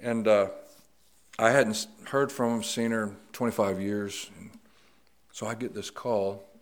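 A middle-aged man preaching a sermon, slow and deliberate, rising to emphatic stress on key words. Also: lowish voice, steady tone.

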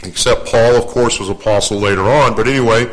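A man's voice: lowish voice, brisk, rough recording. An older man giving a folksy, storytelling sermon as a guest preacher. He jokes at his own expense and often repeats and restarts his phrases. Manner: joking, self-deprecating, repeats and restarts phrases.

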